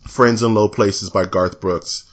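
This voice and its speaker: Lowish-voiced guy co-hosting a podcast, animated and jokey, laughs a lot. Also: a little slow. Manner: animated, laughs often, slips into mock voices for anecdotes. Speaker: podcast co-host. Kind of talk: casual chat.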